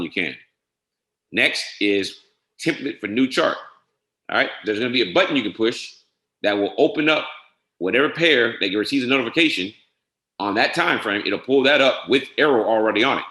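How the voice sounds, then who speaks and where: A man giving a casual screen-share software walkthrough, methodically spelling out each entry step by step and often checking in with "all right?". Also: on the low side, reverberant. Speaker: software trainer.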